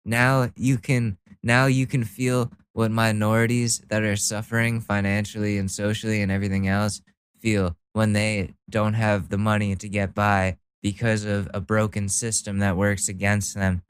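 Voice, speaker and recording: A man's voice: lowish voice, flat delivery, moderate pace, clear, resonant tone. A young man doing mocking, profane reaction commentary, sarcastic and laughing often. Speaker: commentary streamer.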